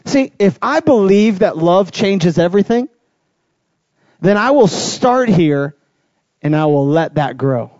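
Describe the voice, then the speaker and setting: A man's voice: high voice, lively intonation, slow pace, a little mellow, muffled recording. A man preaching as pastor, emphatic and repeating key phrases as he builds his lists. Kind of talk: sermon.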